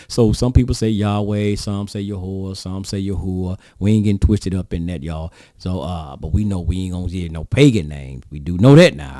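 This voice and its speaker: Male preacher, folksy and questioning, mellow tone, dry close sound. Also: sits low, no room sound. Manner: folksy, rhetorical questioning, addresses audience as y'all. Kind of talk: sermon reading and commenting on scripture.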